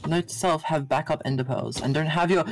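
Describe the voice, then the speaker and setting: A man's voice: a little high, fairly quick, vocal fry. A man playing a game with friends over voice chat, wry and polite, musing now and then. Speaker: co-player. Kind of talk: casual gaming chat. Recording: noisy voice chat.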